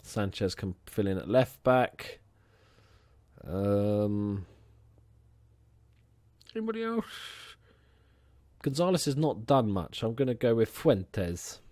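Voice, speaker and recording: A young man casually commentating his own football management game, chatty and excitable, swearing now and then. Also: on the low side, takes it slowly, no room sound. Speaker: let's play host.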